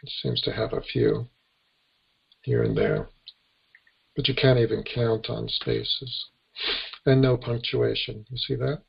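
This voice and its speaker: An American man teaching a webinar lecture in a deeply gravelly, husky voice. He walks through the letters patiently, one by one, at an unhurried pace. The recording sounds dull and lo-fi. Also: flat delivery. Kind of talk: lecture to an online class. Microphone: computer microphone on a webinar.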